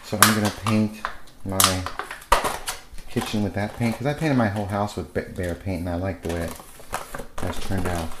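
A man's voice: lowish voice, a little mellow. A man chatting casually in a home vlog, rambling and restarting often while he paints his kitchen. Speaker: podcaster. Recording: roomy kitchen echo, faint noise.

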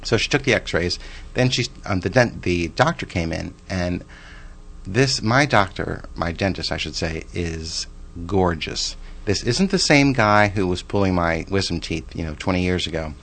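A man in his forties tells a story from his own day in a loose, chatty way. His voice sits very low, and he keeps restarting sentences and wandering into side remarks. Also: moderate pace, creaky, fairly bright tone. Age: 40s. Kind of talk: casual personal storytelling.

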